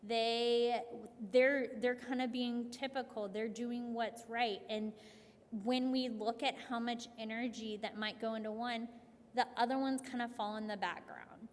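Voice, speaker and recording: A woman clinician giving a conversational workshop talk to families, telling stories in a lively way with frequent restarts. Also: fairly high pitch, unhurried. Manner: conversational, animated storytelling with many restarts and "like". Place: event hall. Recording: long hall reverb.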